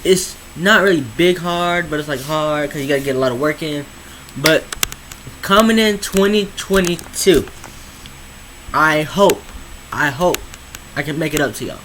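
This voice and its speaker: A man's voice: a little high, a bit bright, slight background noise, poor audio. A teenage boy vlogging casually, rambling and repeating himself with slang. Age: teens. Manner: rambling, slangy, repeats words, drawls some phrases slowly. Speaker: YouTuber. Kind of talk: casual vlog monologue.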